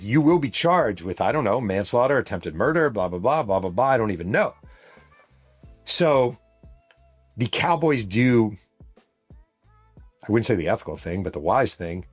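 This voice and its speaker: A man's voice: mid-range voice, sing-song, normal speed, slightly rough, soft background music. A middle-aged man from New York State, hosting a podcast and retelling a story in a casual, profane, vivid way. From New York State, USA. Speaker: podcast host and author.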